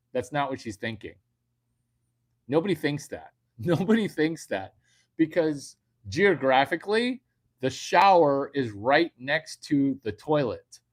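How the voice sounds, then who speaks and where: Slow, rambling comedian. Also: male voice, fairly high pitch. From United States. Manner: crude, rambling, repeats punchlines. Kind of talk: comedic monologue to online viewers.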